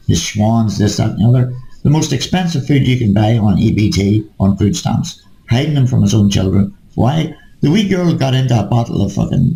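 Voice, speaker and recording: A man's voice: medium pitch, gravelly, dark tone, reverberant, rough recording. A man in casual chat, ranting and swearing, repeatedly calling his listener mate. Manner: ranting, profane, keeps addressing the listener as mate.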